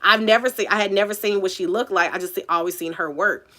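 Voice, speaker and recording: A woman's voice: medium pitch, fast talker, pushed and bright. A woman telling a personal story in a casual vlog, chatty and candid, full of "like" and "you know".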